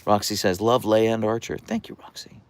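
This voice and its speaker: A man hosting a casual livestream, reading viewer comments aloud in a calm, soft-spoken voice with a radio-like quality. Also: fairly low pitch, brisk. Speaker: livestream host. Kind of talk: casual live-stream chat reading comments.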